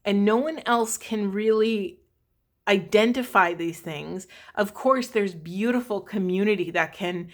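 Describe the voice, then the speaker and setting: A woman's voice: mid-range voice, unhurried. A woman spiritual coach talking casually to her viewers, earnest and rambling, often checking in with asides. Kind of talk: casual spiritual talk to camera.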